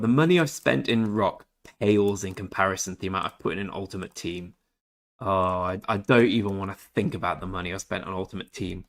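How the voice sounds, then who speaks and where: Laid-back English man, lowish voice. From England. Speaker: game streamer. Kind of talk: casual livestream chat with viewers.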